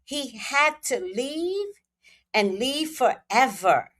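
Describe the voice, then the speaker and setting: Brief: woman commentator, lively swooping intonation, unhurried speculative chat. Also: sits high. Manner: speculative, talks straight to viewers. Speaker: tarot reader and commentator. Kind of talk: casual gossip commentary to camera.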